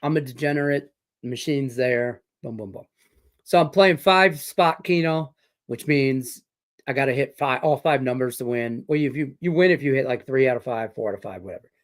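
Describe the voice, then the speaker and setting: A middle-aged Detroit man hosts a sports betting podcast, speaking at a medium pitch and moderate pace. In casual chat with betting picks, he rambles through a profane story packed with fillers.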